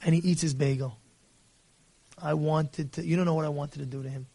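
A man's voice: fairly high pitch, brisk, vocal fry, husky. A man, a rabbi, preaching a fiery sermon, scolding with rhetorical questions and scattering Hebrew and Yiddish religious terms through his English. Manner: animated and scolding, with rhetorical questions and acted-out dialogue.

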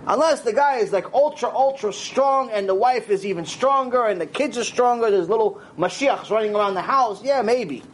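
Male rabbi, high voice, lively lecture, acts out dialogue, faint hiss. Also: normal speed, few pauses. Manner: animated storytelling, acts out dialogue, sprinkles Hebrew words. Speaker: rabbi teaching a Torah class.

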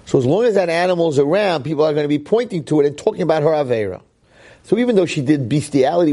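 A man, a rabbi giving a Torah lecture, excitable, swinging from low asides to high exclamations and peppering his talk with Hebrew terms and "right?". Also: a little fast.

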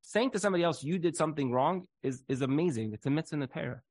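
A man's voice: fairly high pitch, rapid-fire, no room sound. A man talking as a marriage counselor in a casual podcast chat, animatedly acting out what spouses say. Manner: animated, acts out quoted spouses.

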